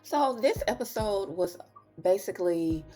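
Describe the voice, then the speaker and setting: Sassy woman recapping TV, animated. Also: mid-range voice, a little slow, faint music behind. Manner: animated, sassy, slangy storytelling. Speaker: TV recap channel host. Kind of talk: casual review vlog.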